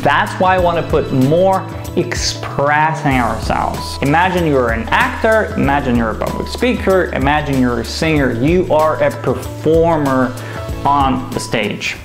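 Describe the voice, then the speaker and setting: Slow, emphatic stuttering coach over music. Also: mid-range voice, animated. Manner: emphatic, stresses key syllables, demonstrates phrases slowly. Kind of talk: instructional talk.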